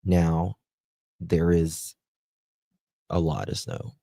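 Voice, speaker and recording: A very low, gravelly Southern American man talks slowly and casually to his live-stream viewers. His tone is dark and mellow, and he is self-deprecating and chatty, with plenty of "um" pauses. The sound is close and dry, with no room echo. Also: little pitch movement. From United States. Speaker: livestream host.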